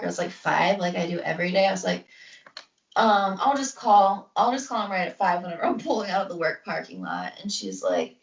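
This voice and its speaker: A young woman co-hosts a casual podcast, rambling through a story with endless "like"s and acted-out quotes. Her voice carries a gravelly fry. The recording sounds roomy and dull, as if she sits away from the mic. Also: on the low side, expressive, moderate pace, far from the mic. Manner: rambling, heavy use of "like", acts out quotes. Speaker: podcast co-host.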